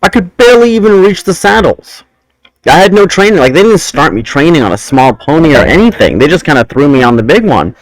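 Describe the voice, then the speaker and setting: A young man chats casually as the host, his pitch swinging widely as he wanders through a story and trails off on tangents. The sound is close and dry, with no room around it. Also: sing-song, a little fast, no room sound, rough recording. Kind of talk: casual chat.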